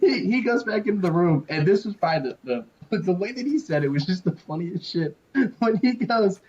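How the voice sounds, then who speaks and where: A man's voice: sits high, animated, brisk, darkish tone, muffled recording, a little hiss or hum. A young man co-hosting a podcast, telling a story casually, swearing freely and often laughing. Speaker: podcast co-host.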